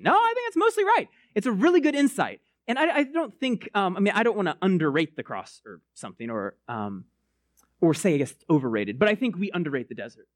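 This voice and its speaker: A man preaching a casual, conversational sermon, rambling and restarting with many fillers, swooping up high to stress a point. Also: fairly quick, no echo, studio quality. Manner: animated, swoops up high for emphasis.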